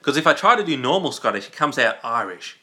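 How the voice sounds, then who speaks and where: A man's voice: mid-range voice, big pitch swings, fast talker, bright, forceful tone. A young man hosting a live stream, rambling and joking in a casual chat full of restarts. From Australia.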